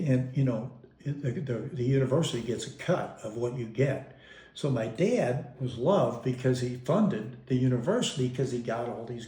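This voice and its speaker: A man's voice: medium pitch, dark tone. A man being interviewed, casually reminiscing about his family as an amused storyteller who often stops and restarts his sentences. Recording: roomy echo.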